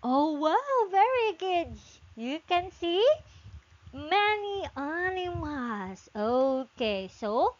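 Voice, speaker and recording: A woman teaching English to a child in an online class, praising often and drawing her words out in a slow sing-song way. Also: very high-pitched, very animated, dull audio.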